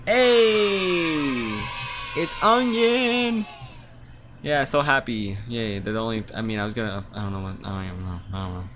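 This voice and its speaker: A man's voice: on the low side, steady tone, racing, hardly any pauses, background noise. A man casually playing a story game, reading its text aloud and commenting with swearing and stammered restarts.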